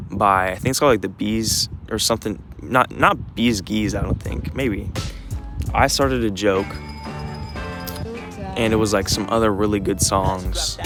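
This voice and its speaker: Walking his dog outdoors, a young man vlogs in a lowish voice at a measured pace, with music playing in the background. His talk is a casual, rambling walk-and-talk, loose and full of fillers and restarts.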